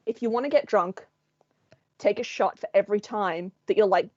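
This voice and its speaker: A woman's voice: medium pitch, moderate pace, darkish tone, no echo. Woman co-host, casual chat, swears freely and laughs mid-story; dull, dry recording. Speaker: podcast co-host.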